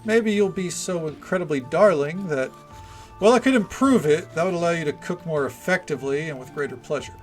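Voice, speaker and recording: A man voicing a fussy, displaced chef who is proud of a former elite restaurant, reading game dialogue aloud in a wheedling, flattering way. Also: a little high, fairly quick, soft background music, voice pushed up, close to an everyday voice. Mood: coaxing.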